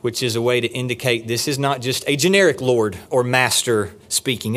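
A man preaches a sermon from a church pulpit. His delivery is emphatic, climbing high on key points and slowing to a low, deliberate tone when he stresses a phrase. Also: a bit bright. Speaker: pastor. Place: church sanctuary.

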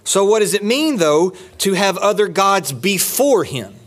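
A man preaches a sermon from a church pulpit. His delivery is emphatic, climbing high on key points and slowing to a low, deliberate tone when he stresses a phrase. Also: big pitch swings. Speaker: pastor. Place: church sanctuary.

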